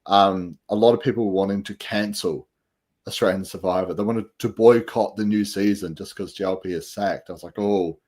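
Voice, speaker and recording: A man's voice: lowish voice, steady tone, normal speed, darkish tone. Upbeat rambling male podcast host. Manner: upbeat, rambling with many fillers. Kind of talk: casual chat.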